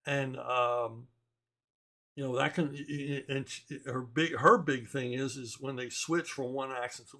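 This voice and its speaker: A man's voice: mid-range voice, fairly even intonation, unhurried, bright, forceful tone. A man who writes comic books, chatting casually and answering viewer questions in a rambling, blunt and wry way, chuckling often. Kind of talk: casual opinionated chat.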